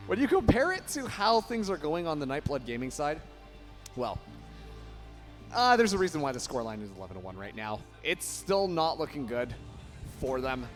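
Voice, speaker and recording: Excitable male esports caster, higher voice. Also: normal speed, faint music behind. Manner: excitable, laughs easily, rises to shouts on big plays. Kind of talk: live play-by-play commentary.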